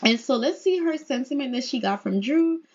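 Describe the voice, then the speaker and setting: High, husky woman chatting through gameplay. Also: lively intonation, a little fast, darkish tone, dull audio. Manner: chatty, giggly. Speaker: let's play host. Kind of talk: casual gameplay commentary.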